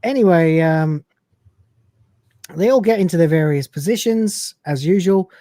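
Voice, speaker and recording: Recorded in clean studio quality with no echo, this British host casually goes over a TV episode in a mid-range, slightly slow voice. The recap is lively, with quoted lines delivered through laughter.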